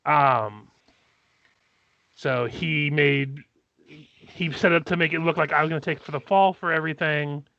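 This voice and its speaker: A man voicing a dwarf who was once a thief, confessing in a halting, hesitant way, on dull lo-fi audio. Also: on the high side, vocal fry, bright, forceful tone, no room sound, heavily acted.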